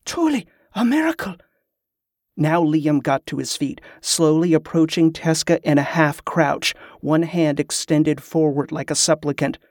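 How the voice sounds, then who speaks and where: Steady male fantasy narrator, dry sound. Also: a little high, a little slow, few pauses, no room sound. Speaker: audiobook narrator.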